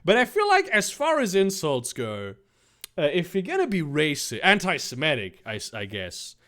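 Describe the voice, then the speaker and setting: A man's voice: on the high side, wildly swooping pitch, moderate pace, fairly bright tone. A man reading fanfiction aloud, breaking off into sarcastic, incredulous, swearing commentary.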